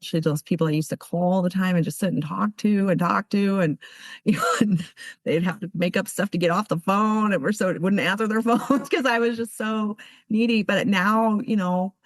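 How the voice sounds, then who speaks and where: A woman's voice: mid-range voice, steady tone, normal speed, no echo. Earnest woman sharing her recovery story. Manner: earnest, heartfelt storytelling with many restarts. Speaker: speaker at a recovery meeting. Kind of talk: personal testimony.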